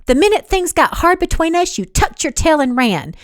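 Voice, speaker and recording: A woman voicing an indignant young woman who shouts in a high, shrill voice during a storybook romance reading. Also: big pitch swings, moderate pace, dry recording, clean studio sound, natural voice.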